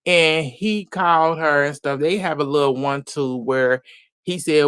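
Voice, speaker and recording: A man's voice: on the high side, unhurried, clean tone, no echo, clean studio sound. Laughing, gossipy man recapping. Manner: animated gossipy storytelling, laughing often. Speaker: reality show recapper. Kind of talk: casual show recap.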